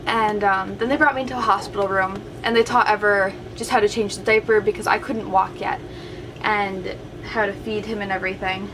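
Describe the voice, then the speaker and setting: A woman's voice: mid-range voice, steady tone, fairly quick, noisy background. Chatty young woman vlogger. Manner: chatty, heavy use of "like", retelling with quoted voices. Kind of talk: casual storytelling to camera.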